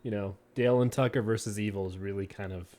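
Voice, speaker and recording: A man co-hosting a podcast, chatting casually and taking the other side in a relaxed way. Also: lowish voice, quick pace. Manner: laid-back, argues the other side. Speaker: podcast co-host. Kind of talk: casual chat and reading stories aloud.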